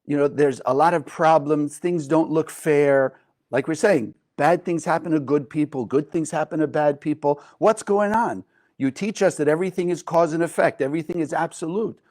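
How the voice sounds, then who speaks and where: An earnest, bewildered young student questioning his teacher, as a man plays him in a parable. He speaks in a fairly high, plain voice with rising, searching questions. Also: normal speed, a little mellow, close to an everyday voice. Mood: puzzled.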